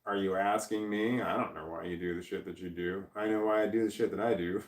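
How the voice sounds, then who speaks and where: A man on a casual livestream, reading chat comments aloud and rambling through them with lots of halting restarts. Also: fairly low pitch, far from the mic. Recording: roomy, off-mic sound.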